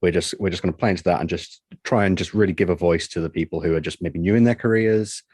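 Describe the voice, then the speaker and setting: English male co-host, deep husky voice, relaxed and chuckling. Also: fast, dry recording, clean studio sound. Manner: laid-back, laughs easily. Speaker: podcast co-host. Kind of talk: casual chat.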